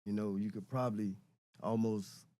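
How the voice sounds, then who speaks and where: A man's voice: lowish voice, fairly even intonation, moderate pace, dark tone. A middle-aged man and podcast guest talking casually and reflectively, often repeating words as he searches for them. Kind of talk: casual conversation.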